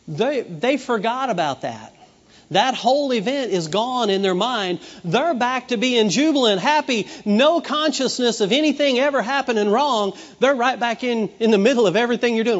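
Preaching a sermon, a middle-aged pastor tells stories in a chatty, expressive way at a moderate pace, slipping into children's voices. His voice sits high for a man, and the dull recording carries a long hall echo.

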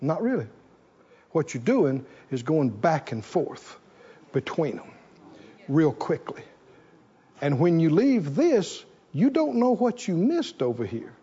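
A husky-voiced male pastor preaches with lively, animated swings of pitch and calls out to his congregation. His high voice comes through a dull, lo-fi recording. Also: slow pace, pauses often. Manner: animated, call-and-response preaching. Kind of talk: sermon.

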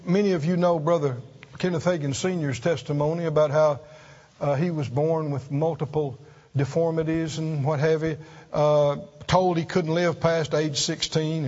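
A high-voiced man preaching a sermon, earnest and emphatic, who repeats himself and reaches up in pitch to drive points home. The recording is dull and muffled, with a long echo trailing through a large hall. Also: darkish tone. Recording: dull sound in a reverberant hall.

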